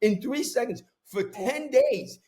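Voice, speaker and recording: A man's voice: very high-pitched, slow. A man from Brooklyn with a New York accent, hosting a podcast and telling stories in a streetwise, ranting way. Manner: animated ranting storyteller, streetwise. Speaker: podcast host. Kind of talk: casual chat. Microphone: podcast microphone.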